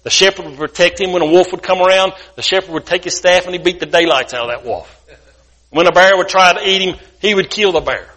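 Bright-voiced folksy preacher man. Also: sits high, fast. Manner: folksy, colloquial storyteller. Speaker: guest preacher. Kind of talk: sermon storytelling.

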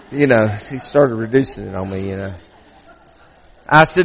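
A man's voice: medium pitch, expressive, moderate pace, fairly bright tone, poor audio. A male pastor preaching a sermon in a conversational way, often restarting and repeating phrases.

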